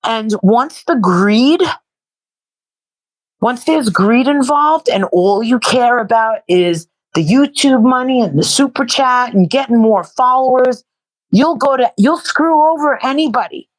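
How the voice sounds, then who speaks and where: Slightly high and expressive, the guest's voice moves at a measured pace while she chats casually in an interview, sore and spent from protesting. Her talk is blunt and profane, with bursts of repetition. The recording lacks echo and sounds rough.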